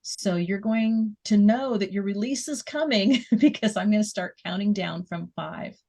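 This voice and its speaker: A woman leading a guided muscle relaxation exercise, giving gentle step-by-step instructions and counting down. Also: mid-range voice, gravelly. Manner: slow, soothing instructions with soft laughs.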